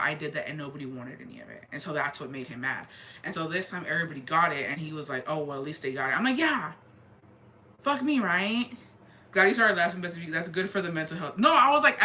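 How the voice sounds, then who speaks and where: A woman tells a story in a casual, animated chat. Her voice is bright, and she talks quickly, swears freely and drops into Spanish. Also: lowish voice. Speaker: vlogger.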